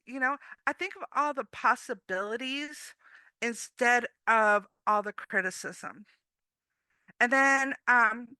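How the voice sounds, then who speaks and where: A woman's voice: high-pitched, no echo. A woman giving an upbeat, chatty motivational talk as a guest speaker, often acting out what others say. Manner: upbeat, chatty, quotes others in lively voices. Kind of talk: motivational talk, casual and personal.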